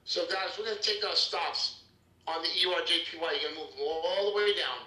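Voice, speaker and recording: A man's voice: high voice, a little fast, roomy sound, poor audio. A man hosting a live trading room, talking energetically and calling out to his viewers. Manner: energetic, salesy, calls out to viewers.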